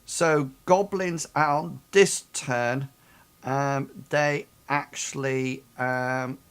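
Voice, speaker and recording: Slow, halting male game master. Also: mid-range voice, fairly even intonation, fairly bright tone, smooth. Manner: hesitant, many ums while narrating. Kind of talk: narrating a tabletop game.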